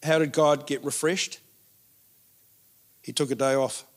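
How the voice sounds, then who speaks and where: A man preaching a sermon in an animated way, repeating words for emphasis. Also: medium pitch, a little slow. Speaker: pastor.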